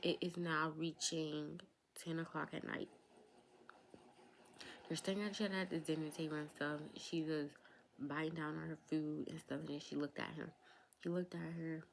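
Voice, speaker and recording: A woman's voice: deep voice, flat delivery, moderate pace, gravelly, long pauses, a little hiss or hum, rough recording. A young woman telling a personal storytime to her viewers, chatty, talking straight to them and slipping into whispered asides. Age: young adult. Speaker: vlogger. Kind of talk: storytime vlog.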